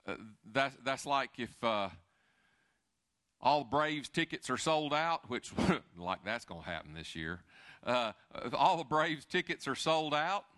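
A middle-aged man preaching a sermon in a conversational, animated way, with asides and restarts. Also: medium pitch, a little slow. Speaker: pastor.

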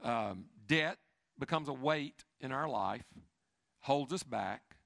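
Gravelly, lively-voiced male preacher. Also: medium pitch, takes it slowly, no room sound, clean studio sound. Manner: expressive preaching, rising and dropping to soft, intimate asides. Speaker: pastor. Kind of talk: sermon.

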